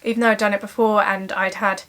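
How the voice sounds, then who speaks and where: A young woman talking through her day in a casual personal vlog, emotional and tearful, speaking softly with frequent pauses. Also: mid-range voice, flat delivery. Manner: emotional, teary, soft-spoken. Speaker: vlogger.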